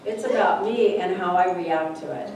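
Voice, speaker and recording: In a church sanctuary, a woman minister with a fairly low, darkish voice preaches at a moderate pace, telling stories conversationally and often imitating the voices of the people involved. Faint background noise, echo, and a distant mic shape the recording.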